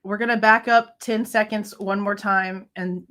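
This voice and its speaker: A woman's voice: mid-range voice, fairly even intonation, unhurried, a bit bright. A young woman reacting live to true crime footage on a stream, casual and swearing often while she talks to her chat.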